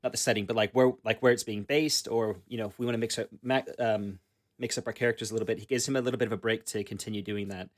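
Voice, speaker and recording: A man's voice: lowish voice, steady tone, fast. A man co-hosting a tabletop gaming podcast, chatting casually with lots of fillers and restarts. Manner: rambling, many fillers and restarts. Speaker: podcast co-host. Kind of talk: casual chat about tabletop games.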